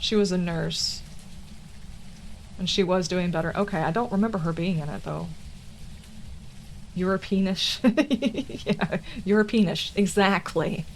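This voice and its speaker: A woman's voice: lowish voice, measured pace, long pauses, slight background noise. A woman with a Southern American accent, chatting casually and rambling through tangents while streaming a game. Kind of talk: casual chat while gaming.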